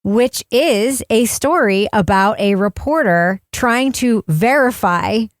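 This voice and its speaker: A woman's voice: a little high, expressive, takes it slowly, no room sound, clean studio sound. A woman hosting a podcast in casual chat, talking in a rambling, chatty way with many restarts. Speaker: podcast host.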